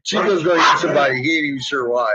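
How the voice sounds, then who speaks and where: A man's voice: on the high side, racing, shouting, muffled recording, heavy background noise. A man casually teasing his dogs at home, crude and laughing in a home video. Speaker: pet owner.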